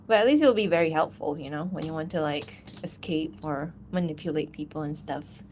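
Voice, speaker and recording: A woman's voice: deep voice, a little fast, darkish tone, slight background noise. Giggly woman rambling on a livestream. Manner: giggly, rambling, lots of fillers. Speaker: animator streaming while answering chat. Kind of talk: casual livestream chat.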